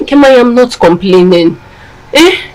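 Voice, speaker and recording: A woman playing a young wife who gently comforts and reassures her husband. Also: fairly high pitch, animated, unhurried. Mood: soothing. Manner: soothing, reassuring.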